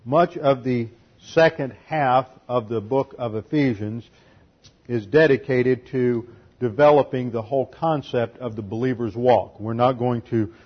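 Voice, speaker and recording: A husky-voiced male pastor working through a sermon point by point. He teaches methodically, and the recording sounds dull and lo-fi. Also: mid-range voice. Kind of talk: expository sermon.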